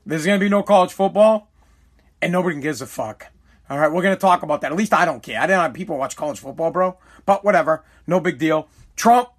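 Over a streaming live mic, a man hosting his podcast by himself rambles casually, swearing and self-correcting. He speaks on the high side, with a bit of brightness.

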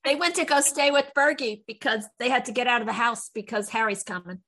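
A woman's voice: a little high, a little fast, pushed and bright. A woman co-hosting a podcast, trading teasing, wry banter in casual chat. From American. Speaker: podcast co-host.

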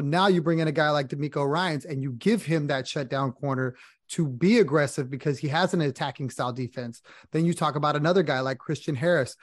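A man's voice: fairly high pitch, dry recording, studio quality. A man co-hosting a sports podcast, talking through team analysis fluently. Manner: fluent, steady analytic breakdown. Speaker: podcast co-host.

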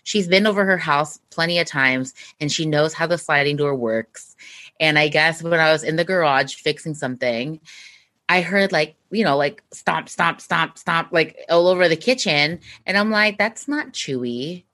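A woman's voice: low voice, moderate pace. A young woman co-hosting a podcast, telling a story in a rambling, chatty way with lots of fillers. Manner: rambling, lots of "like", animated retelling. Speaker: podcast co-host. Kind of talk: casual storytelling chat.

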